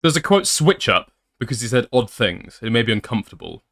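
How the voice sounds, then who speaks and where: A man's voice: mid-range voice, big pitch swings, a little fast, vocal fry, a bit bright. A man doing commentary as a YouTuber, reading screenshots aloud with blunt, sarcastic asides.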